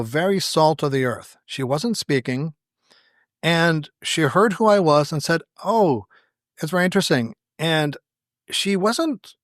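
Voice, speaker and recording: A fairly high-voiced man spins a story as a podcast guest, acting out each quoted line with a wry, self-deprecating humor. His voice is recorded close and dry, with no room sound around it. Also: dry recording. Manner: animated storyteller who acts out quoted dialogue. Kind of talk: anecdotal storytelling in conversation.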